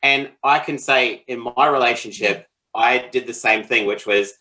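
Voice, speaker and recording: A man with a bright, forceful voice co-hosts a podcast. He explains ideas in a loose, rambling way, with frequent laughs and filler. He speaks into a studio podcast microphone. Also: mid-range voice, normal speed, poor audio. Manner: relaxed, rambling, laughs often. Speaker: podcast co-host. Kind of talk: casual conversational podcast chat.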